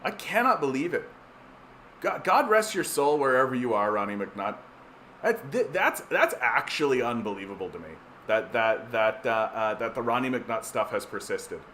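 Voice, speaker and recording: Canadian guy rambling on his stream, sarcastic, lots of uh and restarts, mid pitch, bit of background hiss. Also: sing-song, normal speed, bright, forceful tone. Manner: rambling, many restarts and fillers, sardonic. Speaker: livestream host reading chat. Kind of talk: casual political livestream chat.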